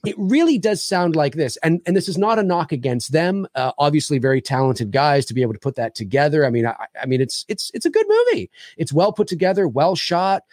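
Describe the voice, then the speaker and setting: A man co-hosting a casual livestream chat, theatrical and quick to laugh, heard over a remote call. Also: fairly high pitch, dry recording, clean studio sound. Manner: animated, theatrical, laughs often. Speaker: livestream co-host.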